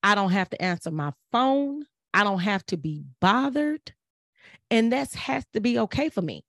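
A woman's voice: mid-range voice, sing-song, moderate pace, no echo, clean studio sound. Earnest woman giving a self-care talk. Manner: earnest, preachy, repeats phrases for emphasis. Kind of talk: casual motivational talk.

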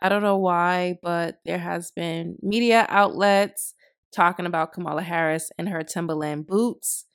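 A woman's voice: lowish voice, fairly even intonation, measured pace, clean tone. A woman in her thirties hosting a podcast, giving blunt, profane, emphatic opinion commentary in a casual way. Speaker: podcast host.

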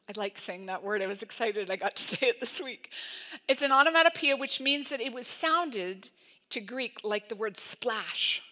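A woman pastor preaching a sermon in an emphatic, conversational way, full of "like" and quick asides. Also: a little high, pushed and bright.

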